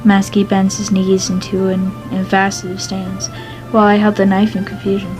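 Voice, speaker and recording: A woman's voice: medium pitch, monotone, moderate pace, over music, low-quality recording. Woman reading a story aloud. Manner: plain reading, with some stumbles. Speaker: fan fiction reader.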